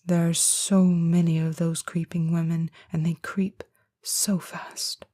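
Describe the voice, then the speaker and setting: A woman giving a whispered first-person audiobook narration, hushed and slow. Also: lowish voice, level tone.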